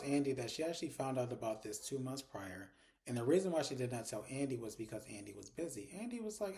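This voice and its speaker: A man's voice: mid-range voice, very animated, fast, mellow. A man giving a casual recap of a TV episode, voicing the characters' lines as he retells the scenes and swearing now and then. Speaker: TV episode reviewer.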